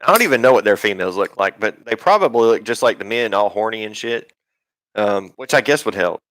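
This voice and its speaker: A man's voice: lowish voice, expressive, a little fast, fairly bright tone, no echo, rough recording. A man hosting a live stream, rambling and swearing in casual talk, full of ums and restarts.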